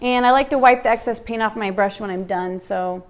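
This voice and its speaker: A woman demonstrating furniture painting on a live stream, talking through each step in a relaxed, chatty way. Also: fairly high pitch, a little fast. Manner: relaxed, chatty, thinking aloud. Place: warm indoor workshop.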